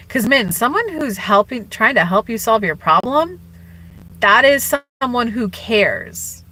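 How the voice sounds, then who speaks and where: A woman's voice: on the high side, expressive, measured pace, sharp tone, rough recording. A woman giving relationship advice on a live stream in a casual, chatty way, full of "like" and "you know", and acting out quoted speech. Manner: acts out quoted speech in changed voices. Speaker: relationship and spiritual coach.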